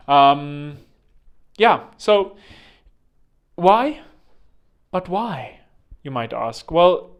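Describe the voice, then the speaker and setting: A man's voice: fairly high pitch, clean tone. A man hosting a vlog with rambling comedic commentary, joking and digressing, full of fillers. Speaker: vlog host.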